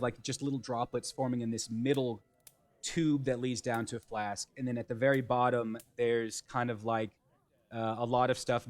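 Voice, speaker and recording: A man's voice: mid-range voice, dry recording. A young man running a tabletop game as game master, describing scenes hesitantly with many fillers.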